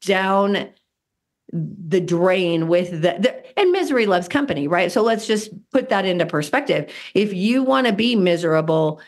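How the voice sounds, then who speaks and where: A woman hosting an interview podcast, enthusiastic and affirming as she responds to her guest, laughing often. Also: on the low side. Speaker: podcast host. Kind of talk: casual interview talk.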